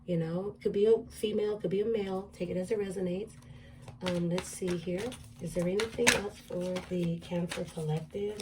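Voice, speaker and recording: A woman's voice: fairly low pitch, steady tone, normal speed, far from the mic, very noisy. A woman doing a casual tarot reading, musing aloud and repeating card affirmations. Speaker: tarot reader.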